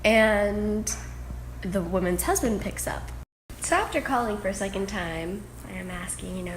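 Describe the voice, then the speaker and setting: A young woman casually telling a dramatic pet-sitting story, emotional and animated. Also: medium pitch, normal speed, slight background noise, rough recording.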